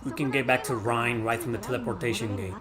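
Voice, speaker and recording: A man doing live gameplay commentary, chatting with viewers, swearing and shouting at the game. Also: mid-range voice, steady tone, quick pace, crowd noise. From Mexico. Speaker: gaming streamer.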